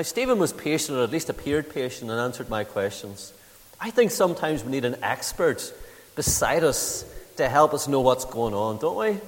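A man, a pastor preaching a sermon, talking to the congregation in a conversational way and asking them questions. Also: medium pitch. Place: church building. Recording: reverberant hall.

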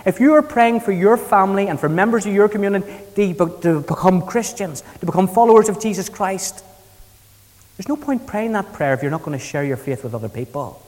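A man's voice: high voice, lively intonation, a little fast, darkish tone, long reverb tail. A man preaching a sermon, retelling the scripture in a conversational, storytelling way. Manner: conversational storytelling, paraphrasing scripture in everyday speech. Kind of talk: expository sermon.

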